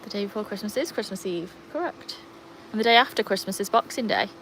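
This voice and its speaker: A woman's voice: medium pitch, quick pace, background noise. Chatty English woman livestreaming outdoors. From England. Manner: chatty, reads out viewer comments and greets them by name; baby-talks and calls to the dogs. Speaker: livestream host with dogs. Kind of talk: casual livestream chat. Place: outdoors by a pool in sunshine.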